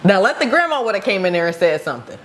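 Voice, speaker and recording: A woman's voice: mid-range voice, sing-song, rapid-fire. A woman giving a casual, opinionated reaction, exclaiming as she talks. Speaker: reaction commentator.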